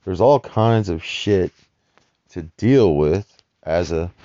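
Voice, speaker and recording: A man's voice: deep voice, animated, slow pace, dark tone, no echo, muffled recording. A man ranting in a rambling, profane monologue about life as a nomadic homeless person. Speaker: vlogger describing homeless life.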